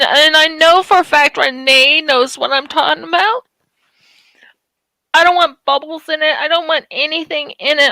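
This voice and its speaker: A woman's voice: sits high, vocal fry, bright, forceful tone, dry recording, poor audio. A woman hosting a craft live stream, tearful and apologetic, talking through her work. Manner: emotional, apologetic, perfectionist. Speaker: craft channel host. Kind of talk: casual live-stream chat while crafting.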